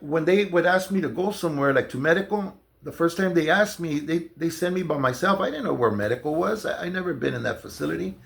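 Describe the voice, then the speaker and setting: A man's voice: on the high side, gravelly. A man casually telling a long personal story, loose and conversational with lots of fillers and restarts. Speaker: storyteller recounting jail experiences.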